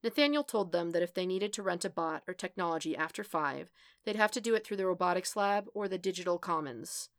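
A woman narrating a story as a podfic reader, in a steady, even storytelling manner. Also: on the low side, a little fast, dry recording, studio quality. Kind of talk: scripted narration.

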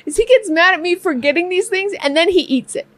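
A woman co-hosting a casual chat with her husband, telling a story in an animated, playful way with frequent laughter and acted-out quotes. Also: extremely high pitch, fairly quick, noisy background. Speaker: co-host of a couple's channel.

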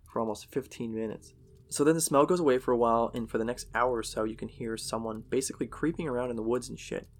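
A man's voice: mid-range voice, steady tone, fast. A man casually narrating a horror story in a profane, conversational way.

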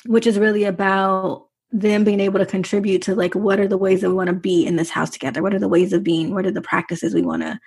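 Husky, gravelly-voiced woman guest. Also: mid-range voice, fairly even intonation, quick pace, few pauses, darkish tone. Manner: candid, reflective, laughs easily. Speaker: guest, parenting author. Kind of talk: conversational interview.

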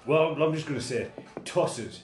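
This podcast co-host has a voice on the high side and talks at a normal speed in casual chat, swearing freely, poking fun at himself, and frequently restarting sentences. The room is echoey, with soft music playing in the background.

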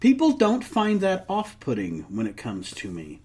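A man co-hosting a podcast who talks in an animated, lively way, his pitch swinging up and down as he rants. He swears freely, restarts his sentences and pokes fun at himself in casual chat. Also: moderate pace, husky. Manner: ranting, self-mocking, swears freely; many restarts and trailing off. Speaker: podcast co-host.

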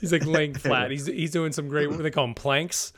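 Casual podcast co-host, man, slightly higher voice, loose and rambling, laughs easily. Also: fairly even intonation, a little fast, fairly bright tone. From United States. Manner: rambling, laughs often, retells scenes. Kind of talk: casual chat recapping a TV episode.

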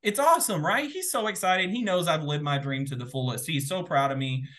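A fairly high-voiced man retells an exciting moment as a guest in a casual interview. He talks in an excitable, animated rush, stacking up fillers and little asides as he goes. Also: fairly quick. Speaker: guest, former game show contestant.

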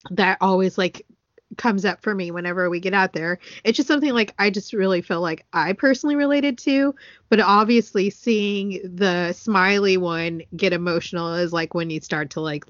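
An earnest woman talks in a casual podcast chat, sometimes near tears, with many fillers. Her voice is mid-pitched for a woman. The recording is dry and a little dull. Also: normal speed, no echo. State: tearful. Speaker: podcast co-host.

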